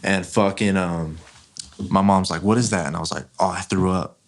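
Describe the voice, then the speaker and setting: Low-voiced young man telling rambling stories. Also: fairly even intonation, moderate pace. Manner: rambling profane storytelling, heavy use of filler "like". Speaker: podcast host. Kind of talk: casual chat.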